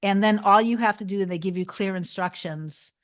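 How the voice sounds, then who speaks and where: Answering live chat on a casual stream, a woman who works as a manifestation coach speaks in a mid-range voice at a moderate pace. Her talk is rambling and full of restarts, turning gentle and reassuring whenever she gives advice.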